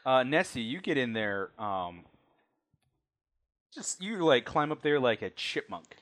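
A man narrating a tabletop role-playing game as game master. His speech swings lively up and down at a middle pitch, and he tells the scene loosely, as if chatting with friends. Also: unhurried. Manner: loose, conversational storytelling.

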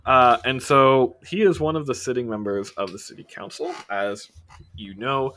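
A man's voice: medium pitch, moderate pace, a bit bright, a little hiss or hum. A man narrating as game master in a casual, filler-heavy way.

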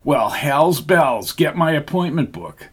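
A man's voice: a little high, expressive, slow, slightly rough, voice pushed up, heavily acted. A man voicing a free-spirited young woman with sassy, drawling quips.

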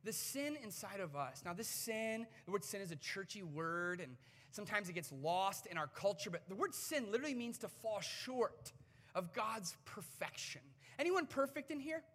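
A man in his thirties preaches to his congregation in a chatty, animated way, with humorous stories along the way. His voice sits high and rings bright. The microphone catches a long, echoing reverb from the church hall. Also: moderate pace. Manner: conversational, animated storytelling with humor. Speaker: pastor. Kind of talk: sermon. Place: church sanctuary before a congregation.

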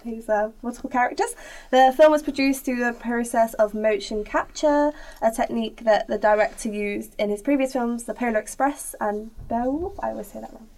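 A woman hosting a podcast, reading brisk prepared introductions and putting questions to the others. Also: a little high, darkish tone. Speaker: podcast host introducing segments.

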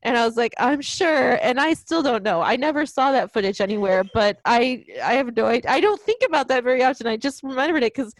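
A woman with a slightly high voice chats casually as a podcast co-host, wandering through long stories and breaking into giggles. The sound is dry and close, with no room around it. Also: animated, fast, few pauses, no echo. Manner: rambling storyteller, giggly. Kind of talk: casual chat.

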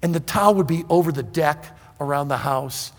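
A man from northern Michigan preaching with folksy, animated storytelling that bursts into shouts. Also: a little high, normal speed, long reverb tail. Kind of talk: storytelling sermon.

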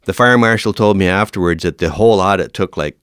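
Middle-aged fire officer guest, low and dry, emphatic anecdotal storyteller. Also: male voice, fast talker, clean tone, no echo. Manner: animated, emphatic storyteller who laughs often.

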